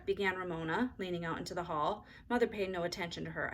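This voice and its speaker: A woman teacher narrating a children's chapter book aloud in an even, expressive way. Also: lowish voice, fast talker, hardly any pauses, a little hiss or hum. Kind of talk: storybook read-aloud.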